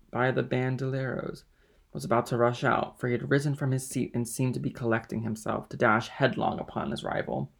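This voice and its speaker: A man narrating a classic novel in a steady, even storytelling manner. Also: mid-range voice, gravelly. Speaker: audiobook narrator. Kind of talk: scripted narration.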